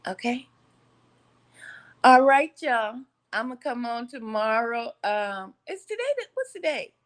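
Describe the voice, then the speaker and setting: A woman hosts a casual vlog, talking directly to her viewers in a slightly high, animated voice at an unhurried pace. She laughs often and sometimes slips into a preacher-like cadence.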